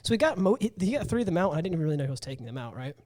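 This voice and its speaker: A man's voice: on the high side, very animated, racing, darkish tone, dry recording. A young man in his twenties, co-hosting a podcast, telling a rambling story with a sore jaw after dental surgery. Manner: rambling storyteller, acts out quotes. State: sore jaw after wisdom teeth removal. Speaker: podcast co-host. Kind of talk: casual chat.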